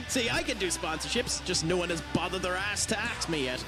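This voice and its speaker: Male streamer, high voice, chatty and self-mocking, game music under. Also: lively intonation, a little fast, hardly any pauses. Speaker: game streamer reading chat. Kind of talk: casual live-stream chat.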